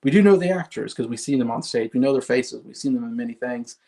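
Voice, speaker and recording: A man's voice: mid-range voice, quick pace, warm tone. A man giving a casual solo commentary on movie awards, chatty, with frequent fillers and laughs.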